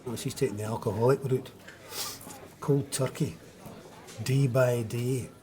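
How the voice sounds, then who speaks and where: A man's voice: mid-range voice, steady tone, measured pace, warm tone. A middle-aged man in a scripted sitcom, confessing in a theatrical way.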